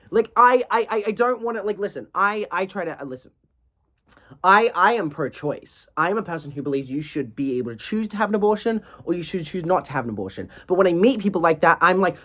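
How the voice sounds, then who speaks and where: A man's voice: fairly high pitch, fast, fairly bright tone. A man in his twenties ranting in a casual video diary, tired, profane and rambling. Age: 20s. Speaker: vlogger.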